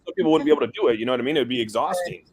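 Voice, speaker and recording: A man at a middle pitch chats on a live stream, rambling through his points with lots of fillers and a casual swear here and there. He talks over a voice call. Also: expressive, very fast, a little hiss or hum. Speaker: stream co-host.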